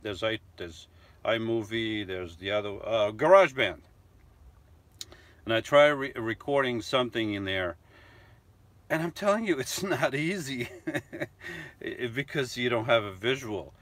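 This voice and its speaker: A middle-aged man hosting a casual live stream, talking slowly and loosely between filler words. His voice sits at a medium pitch and is close and dry, with no room sound around it. He rambles in an easygoing, self-mocking way. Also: fairly bright tone, no echo. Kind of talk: casual live-stream chat, reading viewer comments.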